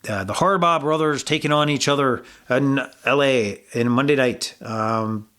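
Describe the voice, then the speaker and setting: A man's voice: medium pitch, normal speed, a bit bright, clear, resonant tone. A man hosting a sports betting podcast, talking in a loose, rambling way with lots of fillers and casual swearing. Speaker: podcast host.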